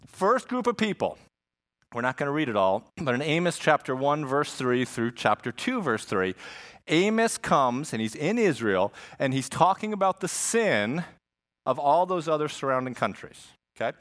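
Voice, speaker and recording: A man preaching a sermon as a pastor, teaching in an animated style with asides and jokes. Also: fairly high pitch, normal speed.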